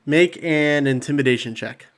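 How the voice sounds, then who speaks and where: A man's voice: fairly high pitch, normal speed, a bit bright, smooth. A laid-back man narrating a tabletop game as game master, laughing easily.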